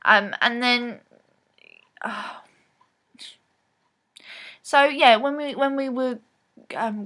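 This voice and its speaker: A woman vlogger talks to camera in a fairly high, bright, forceful voice, giving a meandering recap of a film. Her casual chatter is full of ums and false starts.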